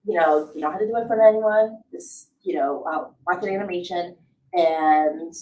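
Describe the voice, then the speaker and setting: A woman's voice: fairly low pitch, moderate pace, a little mellow, a little hiss or hum. A woman voice actor talking casually in an interview, chatty and laughing often. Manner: chatty, laughs often, says "you know" a lot. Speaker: voice actor guest. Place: live event in a house. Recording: echoey room, distant mic.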